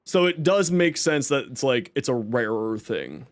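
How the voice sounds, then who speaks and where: A young man with a medium-pitched voice and big pitch swings chats unhurriedly on a live game stream. He's upbeat and talkative, announcing giveaways and thanking viewers while he plays.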